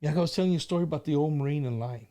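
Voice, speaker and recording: A man's voice: on the high side, very fast, dark tone. A middle-aged man hosting a casual live stream, chatting and telling stories in an easygoing way, with plenty of "you know" and "man".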